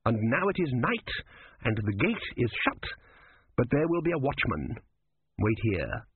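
A man voicing a soft-spoken, menacing male deacon who talks pleasantly and without hurry, recorded with a dry, phone-like sound. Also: mid-range voice, big pitch swings, slightly rough, no room sound, exaggerated voice. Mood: calm. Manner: pleasant, unhurried, quietly commanding.

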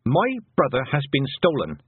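Man doing a sharp bossy young girl, higher voice, demanding, dry tinny sound. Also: very animated, fairly quick, breathy edge, dry recording. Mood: urgent. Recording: dry, phone-like narrow sound.

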